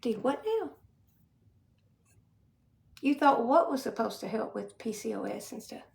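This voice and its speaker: High gravelly woman, off-mic. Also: expressive, measured pace, echoey room, distant mic. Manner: drops to a whisper often. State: grieving. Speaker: livestream host. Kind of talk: casual livestream talk.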